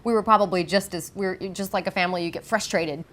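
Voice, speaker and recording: A young woman, an actress, telling candid, animated stories in a documentary interview. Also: fairly low pitch, fast talker.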